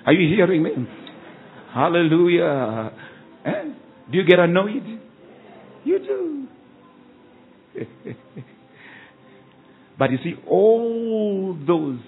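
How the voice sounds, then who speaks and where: A man, a pastor preaching a sermon with call-and-response and quick rhetorical questions at a church service. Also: medium pitch. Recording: tinny phone-like sound, faint ambience.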